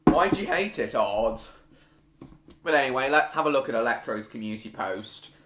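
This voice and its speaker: A man's voice: mid-range voice, lively intonation, moderate pace, roomy sound, background noise. A man hosting a live stream, chatting casually with viewers and reading out their comments, with frequent fillers and restarts.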